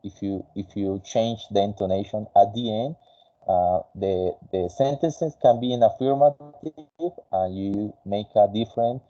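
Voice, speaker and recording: A man with a lowish voice runs an English lesson, patient and encouraging, stopping often with "uh" and "okay?" to correct his student. The audio is dull and lo-fi, like a call recording. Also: measured pace, dark tone. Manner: patient, coaching, many fillers. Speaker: English teacher. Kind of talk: online English class.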